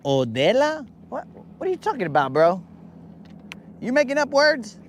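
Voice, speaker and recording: A man hosting a casual fishing podcast, talking in a lively, slangy way and acting out the voices he quotes. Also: very high voice, normal speed, slight background noise. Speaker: podcast host. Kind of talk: casual chat. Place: boat on a lake.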